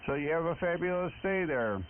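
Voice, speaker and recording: A man's voice: a little high, animated, fairly quick. A man from the Chicago area making a friendly, polite check-in on ham radio, with many uhs. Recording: tinny shortwave radio with loud static.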